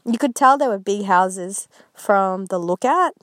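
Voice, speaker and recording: A woman's voice: mid-range voice, expressive, measured pace, fairly bright tone, no echo. Earnest woman sharing a faith reflection. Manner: earnest, rambling, filler-heavy. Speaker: Christian vlogger.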